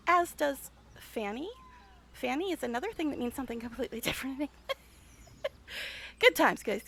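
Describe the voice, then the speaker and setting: Woman streamer, bright, gravelly voice, chatty and laughing, talks to chat. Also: fairly high pitch, expressive, fairly quick, pauses often, a little hiss or hum. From United States. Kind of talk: casual chat while live-streaming a game.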